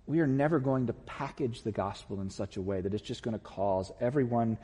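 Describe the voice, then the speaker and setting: A male pastor giving an impassioned sermon, building to loud, emphatic peaks. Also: mid-range voice, a little fast, husky, long reverb tail. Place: church sanctuary.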